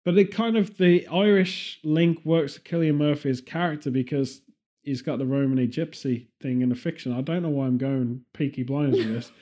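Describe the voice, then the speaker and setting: A man's voice: on the high side, steady tone, normal speed, dark tone. A man from Birmingham with a Birmingham accent, chatting casually and rambling, laughing often. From Birmingham, England. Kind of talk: casual chat.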